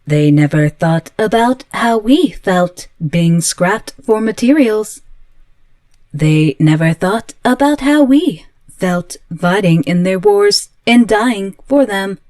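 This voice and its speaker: A woman voicing an obsessive, volatile female android in an audio roleplay, speaking slowly and earnestly in a pleading way. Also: mid-range voice, big pitch swings, a little mellow, no echo, studio quality. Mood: resentful.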